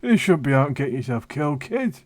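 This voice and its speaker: A man's voice: mid-range voice, sing-song, quick pace, no echo, clean studio sound, pitched above the performer's own voice, close to an everyday voice. A man voicing a grumpy giant male smith who talks bluntly. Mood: scolding.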